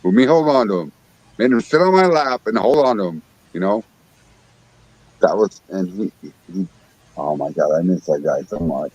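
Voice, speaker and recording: A man's voice: low voice, moderate pace, pauses often, breathy edge, muffled recording. A man telling casual fishing stories as a guest, enthusiastic and swearing freely. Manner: enthusiastic, profane, animated storyteller. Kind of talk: casual chat, storytelling.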